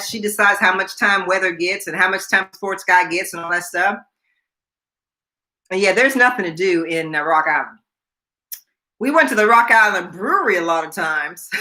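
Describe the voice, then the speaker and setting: An older woman hosting a relaxed chat show. Her voice is bright and forceful, and she tells her stories with animation, putting on the voices of the people she quotes and laughing along the way. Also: mid-range voice. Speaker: host. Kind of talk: casual storytelling chat.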